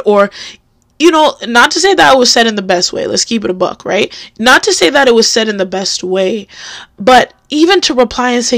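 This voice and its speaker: A woman's voice: fairly high pitch, expressive, brisk, fairly bright tone, no echo, clean studio sound. A young woman hosting a podcast, speaking candidly and emphatically about her faith and personal struggles. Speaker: podcast host.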